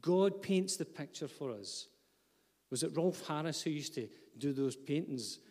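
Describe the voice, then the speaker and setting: A pastor delivers a sermon in a church hall, his voice pitched a little above most men's and darkish in tone. He is expressive and measured, preaching earnestly with light asides to the congregation, while a long hall echo carries his words.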